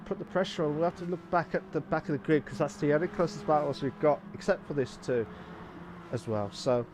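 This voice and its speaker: A man commenting live on a sim race, excitable and repeating phrases, breaking into shouts. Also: a little high, a little fast, noisy background.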